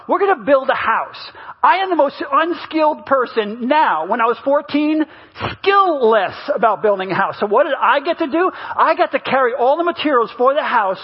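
A man's voice: extremely high pitch, breathy edge, highs cut off. A middle-aged man preaching a sermon as a pastor, telling funny family stories and acting out his relatives' voices. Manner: animated, mimics family members in stories. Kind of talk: humorous sermon storytelling.

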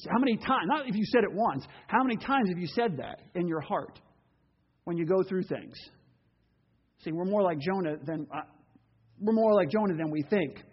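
High-voiced animated male preacher. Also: normal speed, husky, highs cut off. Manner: animated, acts out quoted voices, laughs. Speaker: pastor. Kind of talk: sermon.

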